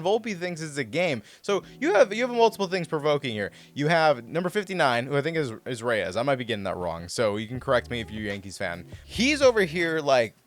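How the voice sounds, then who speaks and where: A man hosting a casual commentary over replay footage, talking in an excitable, rambling way with lots of restarts. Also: on the high side, brisk, few pauses. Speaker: host breaking down baseball clips.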